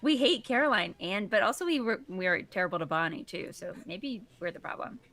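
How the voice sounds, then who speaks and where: A woman's voice: mid-range voice, animated, fairly bright tone, soft background music. A woman co-streaming a game, chatting, joking and speculating about the story. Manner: chatty, joking, quick to laugh. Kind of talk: let's-play commentary.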